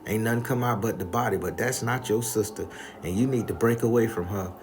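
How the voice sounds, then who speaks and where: A man's voice: on the low side, brisk, over music, lightly acted. A man voicing a stern old grandmother who gives blunt, profane orders. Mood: soothing but firm. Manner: bossy, profane scolding.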